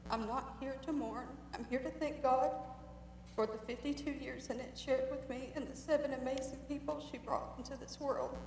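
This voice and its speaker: A woman's voice: high voice, fairly even intonation, normal speed, a little mellow, a little hiss or hum. A woman reading a family statement aloud at a memorial, with plain explanatory asides. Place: memorial service hall. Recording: distant voice in an echoey hall.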